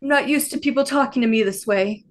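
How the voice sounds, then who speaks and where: A woman performing comic improv scenes, delivering short lines in a deadpan way. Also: sits high, fast talker. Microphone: video call.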